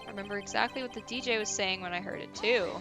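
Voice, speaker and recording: A woman voicing a brash, lonely young male witness, talking loud, defensive and slangy while reading a game's dialogue aloud. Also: mid-range voice, quick pace, over music, close to an everyday voice.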